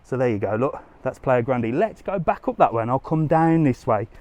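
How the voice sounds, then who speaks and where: A man's voice: mid-range voice, expressive, fairly quick, darkish tone. A man talks to his viewers on a live walking tour. His tone is chatty and easygoing, and he sounds a little winded. He speaks into a handheld phone outdoors. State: slightly out of breath from walking. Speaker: travel vlogger. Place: outdoors on a busy resort street.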